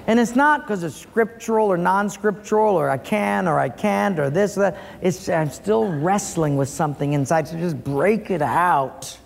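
A man's voice: sits high, normal speed, gravelly, hardly any pauses, long reverb tail, a little hiss or hum. A man preaching a sermon as pastor, telling stories and acting out voices in a joke. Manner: animated storytelling, acts out voices in a joke.

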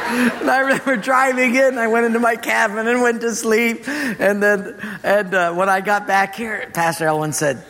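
A man preaching a sermon, telling a funny personal story with lively delivery and laughter, then slowing into a quiet, earnest close and a prayer. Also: very high-pitched, big-room sound, noisy background. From Portugal. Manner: humorous, animated storytelling with laughter. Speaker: pastor.

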